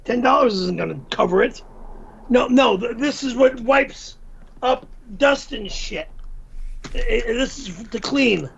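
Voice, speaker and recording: Grumpy, high-voiced man streaming live. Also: unhurried, creaky, fairly bright tone, muffled recording, a little hiss or hum. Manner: grumpy, profane outbursts.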